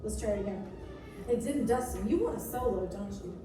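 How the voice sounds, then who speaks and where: A woman's voice: mid-range voice, animated, brisk, a crowd in the background. A woman music teacher leading a class through a lesson, playful and encouraging, and often singing solfege syllables. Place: church room with lots of reverb. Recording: echoey room picked up from a distance.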